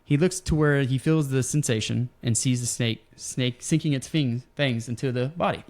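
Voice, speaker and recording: Male podcast host, relaxed storyteller, everyday mid voice. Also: medium pitch, normal speed. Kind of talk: casual wrestling podcast chat.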